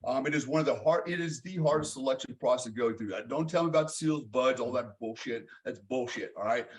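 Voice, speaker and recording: A man's voice: mid-range voice, a little fast. A middle-aged man from the United States telling his life story as an interview guest, blunt and swearing freely, with many fillers.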